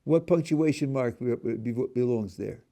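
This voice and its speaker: Speaking at a measured pace in a warm, medium-pitched voice, a middle-aged rabbi gives a class on prayer. He breaks the material down step by step, asks his students questions, and often restarts his words.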